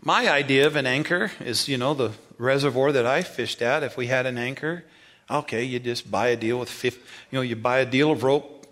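A man preaching a sermon in a folksy, rambling way, telling a story and acting out the dialogue in a high, excited voice.

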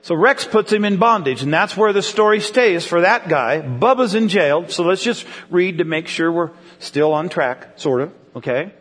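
A male pastor with a high voice delivers a sermon. He keeps it conversational and asks the congregation direct questions. His voice rings out with a long reverb from the church hall. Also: animated, normal speed, few pauses, a bit bright.

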